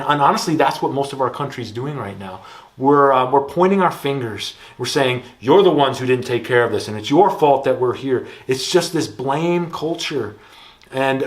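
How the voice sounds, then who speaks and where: Relaxed Midwestern man giving a sermon. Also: medium pitch. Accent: Upper Midwest American. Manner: relaxed storytelling, lively when telling anecdotes. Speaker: campus ministry pastor.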